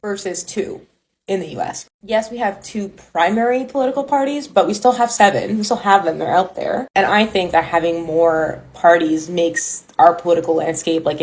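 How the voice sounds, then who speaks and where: Here is a woman from Canada with a voice sitting a little on the low side. She talks to camera in a loose, chatty way, working through a list and leaning on plenty of "like" fillers. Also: normal speed, darkish tone, rough recording. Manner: chatty, lists points with lots of "like" fillers. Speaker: content creator. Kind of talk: casual talk to camera.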